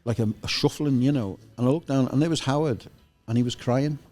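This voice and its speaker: A man's voice: medium pitch, brisk, a little mellow. A middle-aged man, a former football press officer, telling rambling stories as a guest with many "you know" asides. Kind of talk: casual storytelling chat.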